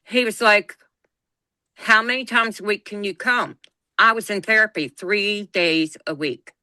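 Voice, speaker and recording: A woman's voice: medium pitch, unhurried, no room sound. A middle-aged woman, telling a personal story on a podcast and acting out the quoted lines as she goes. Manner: animated retelling, acts out quoted dialogue. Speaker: podcast co-host.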